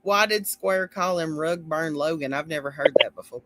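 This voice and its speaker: A man's voice: a little high, moderate pace, crowd noise. A man hosting a casual interview chat, laid back, asking questions and giving short replies. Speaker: host.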